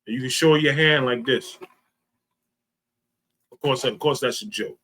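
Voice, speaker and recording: A man's voice: medium pitch, a little slow, pushed and bright. A man leading an informal teaching talk, speaking emphatically and repeating his key phrases.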